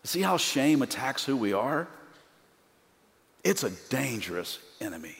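Emphatic preacher in a reverberant hall. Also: male voice, medium pitch, big pitch swings, a little slow, creaky, a bit bright. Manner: emphatic, rhythmic contrasts building in force. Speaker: pastor. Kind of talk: sermon.

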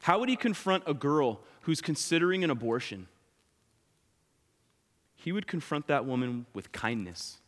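A male pastor delivering an earnest sermon in a church, slowing for scripture and pressing with urgent questions. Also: on the high side, expressive, fairly bright tone, long reverb tail.

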